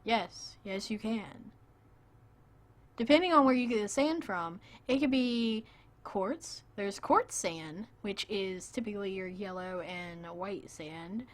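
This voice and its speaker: A woman's voice: mid-range voice, slow pace. Playful rambling woman streamer. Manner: playful, rambling, jokey asides to chat. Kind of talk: casual gameplay live stream chat.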